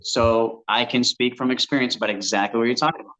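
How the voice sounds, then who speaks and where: A man's voice: medium pitch, steady tone, fast, fairly bright tone, low-quality recording. A man from Kansas, a tattoo artist, telling stories in a candid, profane, casual way on a podcast. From Kansas, USA. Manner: candid, profane, vivid storyteller. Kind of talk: casual storytelling chat.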